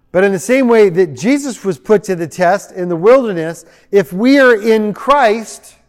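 A man pastor preaching a sermon, animated, acting out the voices he quotes. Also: high voice, in a large hall.

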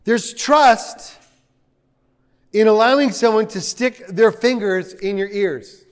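High-voiced pastor, joking and conversational. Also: male voice, takes it slowly. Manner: conversational, joking asides to the congregation. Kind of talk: sermon.

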